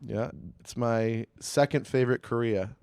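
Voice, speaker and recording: A man's voice: medium pitch, fairly even intonation, unhurried, darkish tone, clear, resonant tone, no echo. A young man co-hosting a comedy podcast, rambling and joking, swearing freely into a studio mic. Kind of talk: casual chat. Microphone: studio mic with headphones.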